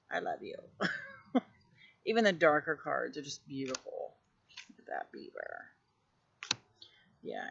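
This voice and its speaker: A woman casually showing off her tarot decks, gushing with effusive praise and sometimes dropping to a hushed voice. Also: sits low, creaky, highs cut off, background noise. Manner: drops to a hushed voice at times. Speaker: tarot deck reviewer. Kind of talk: casual show-and-tell vlog.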